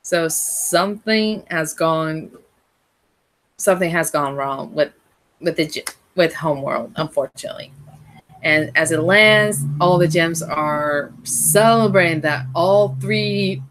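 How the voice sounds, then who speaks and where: A woman with a low, deep-set voice talks slowly through a casual fan recap of an episode. She rambles, breaks off mid-phrase and restarts as she goes. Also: fairly bright tone. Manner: rambling, with frequent restarts and self-corrections. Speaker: fan reviewer.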